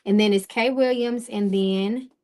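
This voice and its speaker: A woman's voice: medium pitch, steady tone, unhurried, darkish tone. Woman giving a casual live tarot reading. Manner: direct and casual, often checking in with "okay?" and greeting chat viewers. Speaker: tarot reader hosting a live stream.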